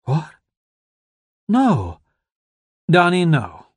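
A tearful young woman, grief just under the surface, as a male narrator puts her on. Her voice sits higher and rises when she is upset, soft yet urgent. The sound is close and dry. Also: wildly swooping pitch, drawn-out words, slightly rough, dry recording, exaggerated voice.

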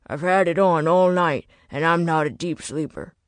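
A man's voice: a little high, steady tone, normal speed, dry recording, lightly acted. A woman voicing a tired, fussy man who tinkers with radios, explaining himself in a dry, defensive way. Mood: weary.

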